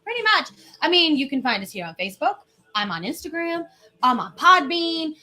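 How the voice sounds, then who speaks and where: Woman podcast host, high voice, chatty, playful, quick to laugh. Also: very animated, background noise. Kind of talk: casual chat.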